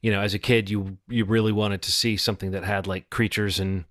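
A man's voice: fairly low pitch, flat delivery, a little fast, fairly bright tone, no room sound, studio quality. Thoughtful man in casual film chat. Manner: thoughtful, hesitant, many restarts. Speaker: podcast co-host.

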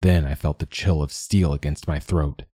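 A man narrating a first-person fantasy story in a measured, wry manner. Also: a bass voice, steady tone, mellow, slightly rough, no room sound, clean studio sound.

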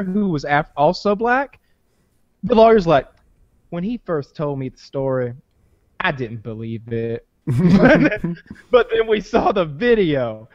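A man's voice: sits high, dry recording, muffled recording. A man in casual chat, telling a long story with lots of restarts and swearing. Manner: rambling, profane storyteller, many restarts.

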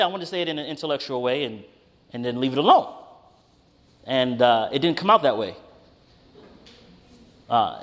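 A man preaching a conversational sermon, telling a personal story with animated, emphatic rises. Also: on the high side. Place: church hall with congregation. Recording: reverberant hall.

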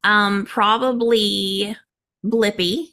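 A woman's voice: medium pitch, steady tone, extremely slow, sharp tone. A woman in her thirties with a Southern country accent, chatting playfully and laughing often as co-host. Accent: American Southern country. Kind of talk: casual chat.

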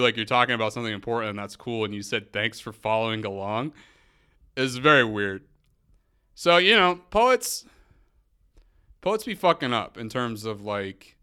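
A man's voice: mid-range voice, pushed and bright, clean tone. A man hosting a podcast, telling a story in a casual, profane rant with lots of fillers. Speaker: podcast host. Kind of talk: casual monologue.

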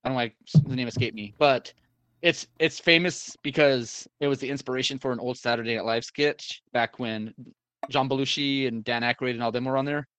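A man's voice: mid-range voice, fairly quick, fairly bright tone, smooth, no room sound. A man telling a long story in casual chat, rambling with many fillers and restarts and the odd swear word.

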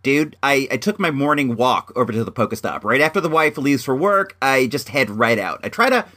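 A man's voice: medium pitch, lively intonation, fairly quick, pushed and bright. A young man telling a story in a casual, rambling monologue, often restarting his sentences. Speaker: vlogger.

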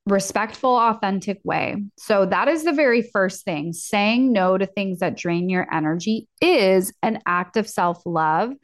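An upbeat young woman talks casually on her own podcast, peppering her speech with fillers and acting out little quoted exchanges. Her voice sits at an ordinary middle pitch. It is recorded close on a dry mic with no room sound. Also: no room sound. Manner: chatty, upbeat, lots of fillers and acted-out quotes. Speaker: podcast host. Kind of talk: casual solo podcast talk.

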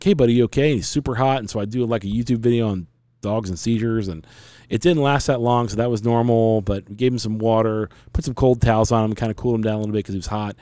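Earnest, low-voiced man telling a story. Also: dark tone, dry recording, clean studio sound. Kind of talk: casual storytelling chat.

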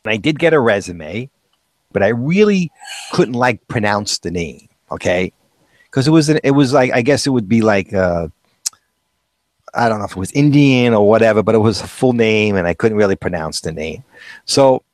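A man's voice: on the low side, expressive, normal speed, no echo. A man co-hosting a casual chat, telling anecdotes with chuckles and acting out quoted voices. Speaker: co-host.

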